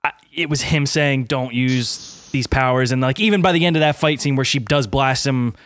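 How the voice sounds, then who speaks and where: A man in casual chat about a film, relaxed and chiming in with short agreements. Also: a little high, brisk, no room sound.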